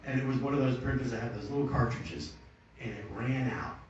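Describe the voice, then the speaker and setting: A man's voice: mid-range voice, brisk, noisy background. Brief: male actor at a cinema Q&A, jokey rambling anecdotes, heard from far off in a roomy hall. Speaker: actor on a Q&A panel. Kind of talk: joking panel storytelling. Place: cinema auditorium. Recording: echoey muffled hall audio from far off.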